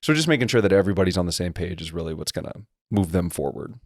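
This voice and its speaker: A man co-hosting a casual sports podcast, explaining football line play in quick, detailed technical breakdowns. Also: sits low, sing-song, dry recording, studio quality. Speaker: podcast co-host and former lineman.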